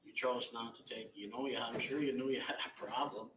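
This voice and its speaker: A middle-aged man giving a blunt, halting, emotional victim impact statement in a courtroom, picked up from far off. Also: medium pitch, steady tone, background noise. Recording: echoey courtroom audio from far off.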